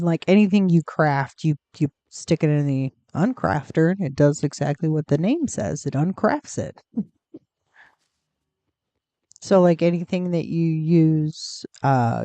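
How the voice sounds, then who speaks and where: Casual game streamer, dark gravelly tone, slow rambling delivery, close dry mic. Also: medium pitch, no echo. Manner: rambling and chatty, full of fillers, coos at in-game pets. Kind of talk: casual gameplay commentary.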